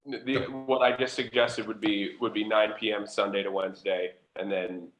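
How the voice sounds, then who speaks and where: A man's voice: on the low side, level tone, moderate pace, fairly bright tone, roomy sound, low-quality recording. A man speaking for the applicant, offering hesitant terms in a meeting. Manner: hesitant, negotiating. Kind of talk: meeting discussion.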